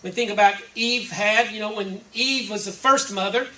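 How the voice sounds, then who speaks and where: A woman's voice: mid-range voice, normal speed, a bit bright. Woman preaching in an echoey hall. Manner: conversational, reflective, listing examples one by one. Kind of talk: sermon. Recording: roomy echo from a distant mic, faint ambience.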